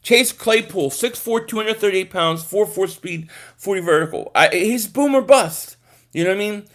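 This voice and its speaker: A young man hosting a casual live stream, reading comments and rambling excitably about football with lots of repeated words. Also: high-pitched, moderate pace.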